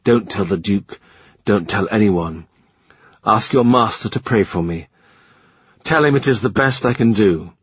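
A man reading the lines of a weary, wistful middle-aged English king in a soft, subdued voice. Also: lowish voice, unhurried, pauses often, slightly rough, no room sound. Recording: slightly muffled dry recording.

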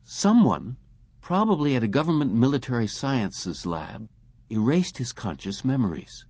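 A man reading a science fiction story aloud as an audiobook narrator, in a measured way. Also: medium pitch, big pitch swings, a little mellow, dry recording. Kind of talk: scripted narration.

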